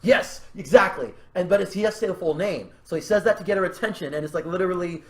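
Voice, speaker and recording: Excitable rambling young man, podcast host. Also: high-pitched, fast talker. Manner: excitable, rambling, laughs and restarts often. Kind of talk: casual creative brainstorming chat.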